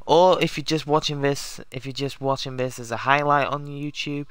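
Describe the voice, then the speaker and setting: A man's voice: mid-range voice, fairly even intonation, normal speed, fairly bright tone, clear, resonant tone, no echo. A man casually chatting to his viewers as he sets up a live game stream, rambling and correcting himself as he goes.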